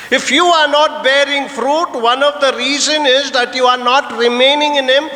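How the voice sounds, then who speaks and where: A man's voice: very high voice, fairly even intonation, normal speed, sharp tone. Sex: man. Role: priest. Style: sermon in a church hall. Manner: earnest preaching with rhetorical questions and a personal anecdote. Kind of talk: Sunday homily.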